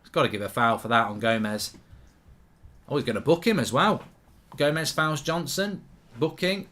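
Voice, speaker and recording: A man's voice: medium pitch, lively intonation, moderate pace, sharp tone. Chatty man commenting on football. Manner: chatty, reads out viewer questions, reacts to play. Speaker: host. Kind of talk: live football watch-along commentary.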